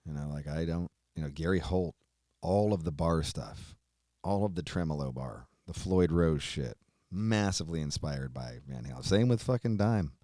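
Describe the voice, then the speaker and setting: A man hosting a show, giving an emotional tribute while on the verge of tears, swearing often and trailing off quietly. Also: a bass voice, lively intonation, moderate pace, dry recording, studio quality. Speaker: host.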